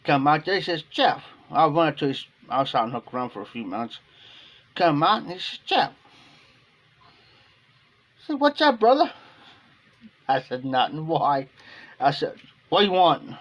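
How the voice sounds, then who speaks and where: A man's voice: fairly high pitch, expressive, brisk, fairly bright tone, highs cut off. A man with an Ohio accent telling a casual, rambling story on a live stream, acting out quoted dialogue in a folksy way. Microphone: phone or webcam on a live stream.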